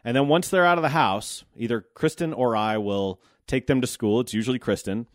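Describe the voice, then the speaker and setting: Man, 30s, from the US, podcast host, casual monologue, profane, wry, mid pitch, dead room. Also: a little fast, no echo, clean studio sound. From United States.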